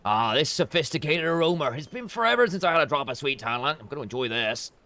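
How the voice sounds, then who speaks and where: A man voicing a grumpy, weary male refugee who talks in a rough, colloquial, irritable way while reading game dialogue aloud. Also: a little high, lively intonation, quick pace, pushed and bright, voice pushed up. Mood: dismissive.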